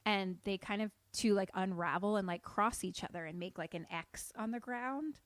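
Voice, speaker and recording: A woman's voice: medium pitch, moderate pace, no echo. A woman co-hosting a podcast, animatedly retelling a horror movie in casual chat, full of "like" fillers. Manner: animated storyteller, frequent "like" fillers. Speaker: podcast co-host.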